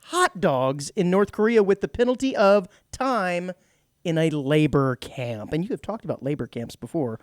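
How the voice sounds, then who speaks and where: A man's voice: a little high, animated, moderate pace, no echo. A man co-hosting a radio talk show, reading news items and trading dry, teasing quips in casual chat. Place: radio studio.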